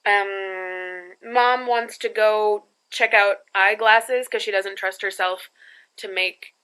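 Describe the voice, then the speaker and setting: A young woman talks straight to her phone in a loose, rambling vlog, laughing at her own slips. Her voice is strikingly bright and sits at an ordinary pitch. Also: fairly even intonation, takes it slowly, clear, resonant tone, low-quality recording. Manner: chatty, rambling, laughs at herself. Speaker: vlogger. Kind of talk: casual travel vlog. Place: family home, then in a car.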